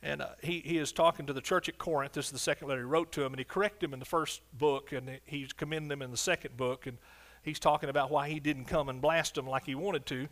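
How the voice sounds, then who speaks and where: In this sermon, a male pastor alternates between loud proclamations and low-key asides while often calling for an amen. He talks fast, with a fairly high pitch and fairly even intonation.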